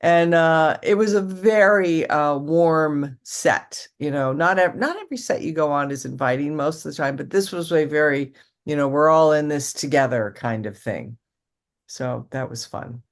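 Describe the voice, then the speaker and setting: A woman's voice: low-pitched, normal speed. An older woman talks casually as an interview guest. She tells long, rambling stories, restarting her sentences and acting out little quotes as she goes. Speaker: actress guest.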